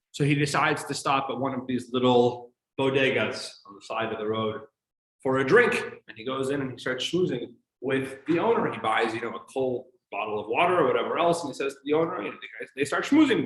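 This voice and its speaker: Lively rabbi with a bright, roomy voice. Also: male voice, mid-range voice, fairly quick. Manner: showman-like, addresses audience as ladies and gentlemen. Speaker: rabbi teaching a class. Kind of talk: evening lecture with jokes.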